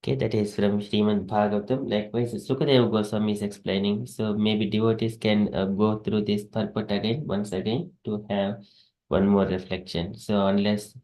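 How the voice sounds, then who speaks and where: A man leading a scripture class, explaining haltingly with restarts and repetitions. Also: fairly low pitch, little pitch movement, dark tone.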